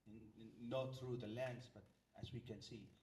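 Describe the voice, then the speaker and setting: A man with an I-Kiribati accent giving a formal conference presentation for a government ministry, pausing often to restart his sentences. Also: mid-range voice, fairly even intonation, a little mellow, recorded from a distance. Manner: halting, with frequent hesitations and restarts. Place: large meeting hall. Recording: echoey hall, voice from off-mic.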